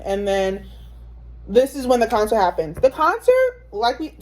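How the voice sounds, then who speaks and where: A woman's voice: a little high, sing-song, normal speed, darkish tone. A young woman in casual chat, giving a blunt, slangy account of a concert. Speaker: concert reviewer.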